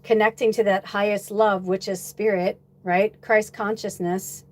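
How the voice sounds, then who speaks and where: A woman's voice: mid-range voice, level tone, measured pace, darkish tone. A woman spiritual medium talks casually on a livestream, loose and rambling, with the odd curse word. She reads viewer comments aloud and mulls over them as she goes. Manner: chatty storyteller, acts out quoted dialogue.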